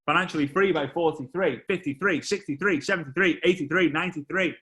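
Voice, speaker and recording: A man in his thirties, a motivational speaker who tells a personal story with animated, repetitive emphasis to a live online audience. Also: fairly high pitch, quick pace. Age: 30s. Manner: animated, exclamatory, repeats phrases for effect.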